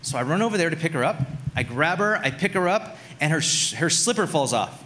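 A man in his thirties preaching a sermon as a pastor, telling a story in a relaxed, conversational way with lots of "like"s. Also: a little high, a little fast.

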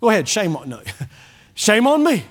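A male pastor preaching a sermon, swinging from loud exhortation to hushed lines, with conversational asides to the congregation. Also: sits high, huge pitch swings, normal speed.

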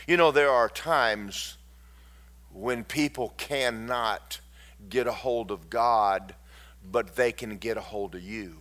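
Impassioned preacher man, bright-voiced. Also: fairly low pitch, takes it slowly. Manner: impassioned, swinging from loud declarations to hushed storytelling. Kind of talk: sermon.

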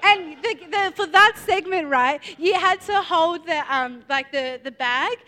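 Young woman, high voice, chatty sermon storytelling, lots of fillers and tangents. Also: unhurried, sharp tone. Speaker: preacher.

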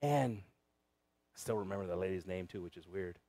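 A man preaching a sermon, telling a personal story with big swings from loud shouting down to a near whisper, sometimes switching to Spanish for the congregation. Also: low-pitched, normal speed, dry recording. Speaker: pastor.

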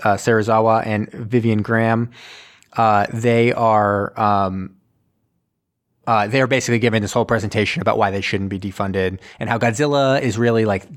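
Man rambling through a casual recap. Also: lowish voice. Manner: rambling, loose storytelling full of fillers and self-corrections. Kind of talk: casual chat.

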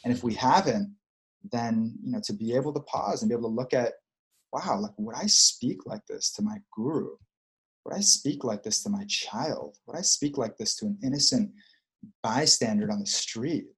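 Earnest male coach for a reflective spiritual talk, mid-pitched, working through his thoughts aloud. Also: expressive, moderate pace. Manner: earnest, searching, repeats phrases.

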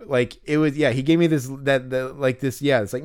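A man's voice: mid-range voice, brisk, hardly any pauses, clean tone. A man co-hosting a podcast in casual chat, rambling with lots of fillers and restarts. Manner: acts out exasperated yelling when quoting himself. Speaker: podcast co-host.

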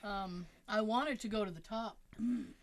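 A woman's voice: mid-range voice, unhurried. Playful, quippy woman in casual chat. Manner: playful, sarcastic quips. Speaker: podcast co-host.

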